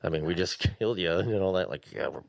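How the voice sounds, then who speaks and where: A man's voice: deep voice, fast talker, vocal fry, no room sound, studio quality. A man co-hosting a casual podcast, swearing freely and rambling with laughs as he talks about games. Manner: profane, rambling, laughs often. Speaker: podcast co-host.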